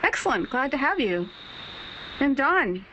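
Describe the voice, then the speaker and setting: A woman hosting a group video chat, upbeat and quick to laugh. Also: sits high, big pitch swings, highs cut off, background noise. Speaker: hangout host.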